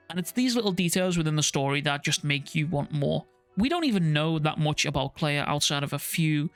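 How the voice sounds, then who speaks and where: Young man, scripted game review narration, higher-pitched, casual swearing, faint music behind. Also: fairly bright tone, clean tone, dry recording. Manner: casual, profane asides. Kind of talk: scripted video essay narration.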